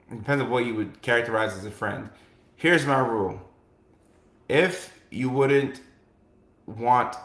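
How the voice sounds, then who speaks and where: A man hosting a laid-back chat show, talking loosely and restarting often, his mid-pitched voice full of gravelly fry. the room is echoey, with a roomy ring behind him. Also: a bit bright. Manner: loose and conversational, full of "like" and "you know" with many restarts. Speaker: host. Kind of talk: casual talk-show chat answering viewers.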